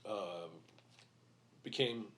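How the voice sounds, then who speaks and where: A middle-aged man with a somewhat low voice, talking openly as a guest in a podcast interview. He speaks bluntly, swearing at times, and his speech halts often with fillers and restarts. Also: fairly bright tone, a little hiss or hum. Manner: halting, with many fillers and restarts; blunt and profane. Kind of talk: candid interview talk.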